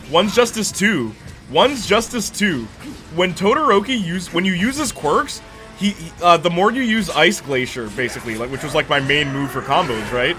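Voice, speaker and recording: A man's voice: high voice, sharp tone. A young man chatting casually as a streamer while reacting to a movie, rambling and slangy, laughing often.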